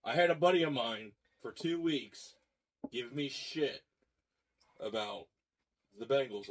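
Husky-voiced man telling a heated story. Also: mid-range voice, takes it slowly, pauses often. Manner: animated storyteller, swears, acts out arguments. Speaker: podcast co-host. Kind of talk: casual chat.

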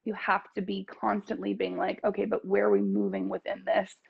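A woman's voice: mid-range voice, flat delivery, brisk, gravelly, breathy edge, lo-fi sound. A woman co-hosting a casual chat, talking in a reflective, encouraging way. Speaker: co-host.

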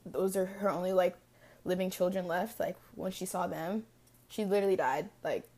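A woman's voice: fairly low pitch, normal speed, dark tone. Reflective young woman telling a personal story. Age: early 20s. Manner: casual, reflective, frequent "like" fillers. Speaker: podcast host.

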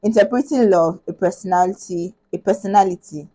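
A woman's voice: medium pitch, a little fast, mellow, poor audio. A woman from Nigeria hosting a podcast in casual chat. She is bubbly, laughs often and thinks aloud with many restarts. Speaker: podcast host.

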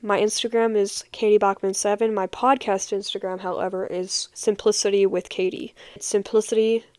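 A young woman shares her personal faith testimony in an earnest, heartfelt way, often repeating a phrase for weight. Her voice sits at an ordinary middle pitch. The recording is dry and close, with no room sound. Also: little pitch movement, moderate pace, darkish tone, no room sound. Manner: earnest, heartfelt, emphatic repetitions. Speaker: podcast host.

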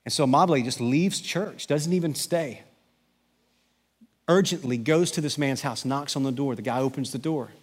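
A middle-aged American man, a pastor, delivering a sermon as an animated storyteller who builds to emphatic preaching. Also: medium pitch, normal speed, big-room sound. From United States.

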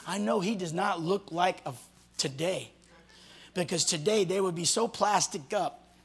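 A male pastor preaching a sermon to a congregation, swinging from loud shouts to hushed near-whispers and acting out the voices of people he quotes. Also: sits high, measured pace, vocal fry, breathy edge. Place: church hall before a congregation.

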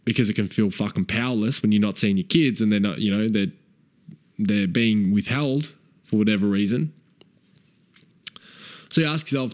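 A man's voice: lowish voice, normal speed, pauses often, darkish tone. A man coaching fathers in a frank, profane way. He keeps asking "right?" and repeats key phrases for emphasis. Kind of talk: direct-to-camera advice talk.

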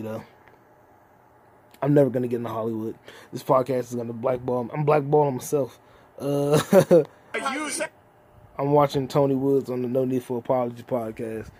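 Pitched a little high with a dark timbre, this twenties-aged man runs a casual solo podcast. He wanders from thought to thought, cursing nonstop.

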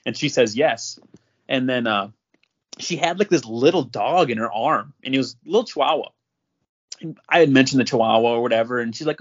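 A man's voice: medium pitch, a little fast, slightly rough, muffled recording. A man hosting a podcast, telling a long story in casual chat, packed with "like" and restarts. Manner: rambling, filler-heavy, lots of "like". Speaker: podcast host.

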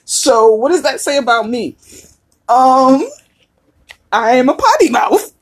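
A woman's voice: high voice, lively intonation, slow, husky. A woman hosting a casual solo podcast, chatty and laughing often, swearing freely as she talks. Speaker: podcast host.

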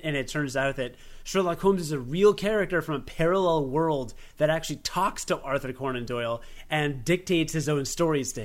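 A young man from the United States co-hosts a laid-back podcast. His voice sits a little high, and he wanders through his thoughts, restarting sentences and poking fun at himself. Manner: rambling, self-deprecating, frequent restarts. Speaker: podcast co-host. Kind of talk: casual chat.

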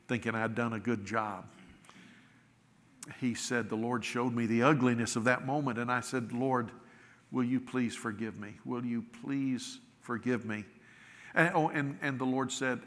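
A man preaching a sermon, retelling a story and quoting the people in it with slow, deliberate emphasis. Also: medium pitch, fairly bright tone. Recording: long reverb of a large hall.

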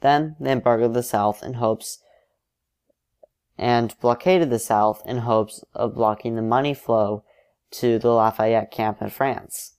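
A man narrating an alternate history story in an even, explanatory way. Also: mid-range voice, slow pace, clean tone.

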